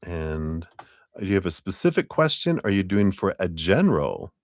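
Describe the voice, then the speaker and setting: A man giving a live-stream tarot reading, chatty and easygoing, chuckling often and clearing his throat between remarks. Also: sits low, big pitch swings, normal speed, no room sound, studio quality. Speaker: tarot reader.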